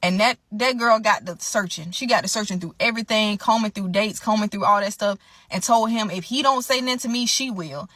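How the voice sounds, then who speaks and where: A young adult woman telling an emotional storytime monologue, animated and indignant, often turning to her listeners as y'all. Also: mid-range voice, brisk, no echo.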